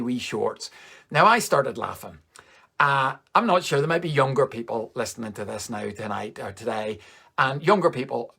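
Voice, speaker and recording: A man from Northern Ireland with a Northern Irish accent, doing animated stand-up storytelling for a virtual show, swearing freely and jumping up in pitch for punchlines. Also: gravelly. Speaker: stand-up comedian.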